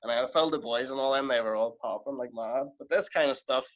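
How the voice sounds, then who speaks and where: A man, a professional wrestler guesting on a podcast, telling anecdotes in a casual, animated way. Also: medium pitch, fairly quick. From Ireland. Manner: animated, lively anecdote telling with quoted exchanges. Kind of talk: casual storytelling.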